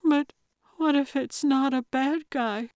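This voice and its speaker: A woman's voice: sits high, slow pace, a little mellow, no room sound, pitched above the performer's own voice. Woman doing a tearful, frightened young woman.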